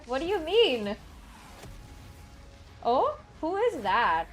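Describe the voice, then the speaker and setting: A woman's voice: sits high, wildly swooping pitch, extremely slow, soft background music. Chatty woman streamer, rambling. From Singapore. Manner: rambling, chatty, many fillers and restarts. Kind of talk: casual live-stream chat. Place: home.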